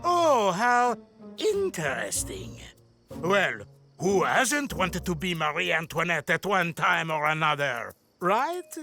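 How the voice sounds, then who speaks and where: A man's voice: high-pitched, wildly swooping pitch, slow pace, creaky, sharp tone, soft background music, heavily acted. An actor voicing a suave, ingratiating male palace valet in a cartoon. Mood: obliging. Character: smooth, overly helpful adult male palace valet. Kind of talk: cartoon voice acting.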